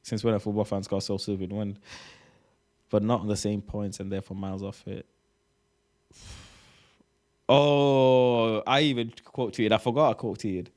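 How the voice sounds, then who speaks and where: A man's voice: fairly low pitch, steady tone, brisk. A man giving casual reaction commentary, reading posts aloud, swearing and sounding exasperated. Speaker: reaction streamer.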